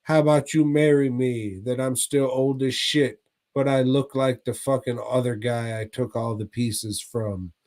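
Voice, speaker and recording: A man's voice: mid-range voice, fairly even intonation, measured pace, darkish tone, close to an everyday voice. Brief: lisping creepy old man, pushy, voiced by a man telling a story. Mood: pleading. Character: creepy lispy old man trying to woo.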